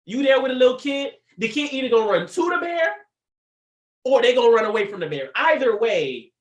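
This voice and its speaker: A man's voice: extremely high pitch, sing-song, brisk, reverberant. A man giving a faith-based motivational talk on a livestream, playful and laughing often as he acts out little scenes. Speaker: motivational speaker.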